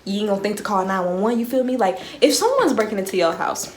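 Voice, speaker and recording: Animated young woman telling a story. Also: medium pitch, fast, hardly any pauses, echoey room. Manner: animated, slangy, keeps checking in with the listener. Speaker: vlogger. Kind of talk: casual storytime monologue.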